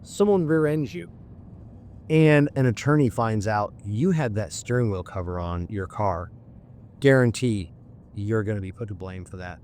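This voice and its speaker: A man's voice: on the low side, moderate pace, a little mellow, slight background noise. A middle-aged man who works as a mechanic, hosting a podcast in a casual monologue and ranting bluntly with lots of swearing.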